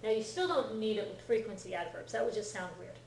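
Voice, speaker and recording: Patient teacher explaining in an echoey classroom. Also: female voice, mid-range voice, animated, quick pace, a little mellow, recorded from a distance, slight background noise. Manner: patient, explanatory, checks understanding often. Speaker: Japanese language teacher. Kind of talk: classroom lecture. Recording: echoey classroom recorded from afar.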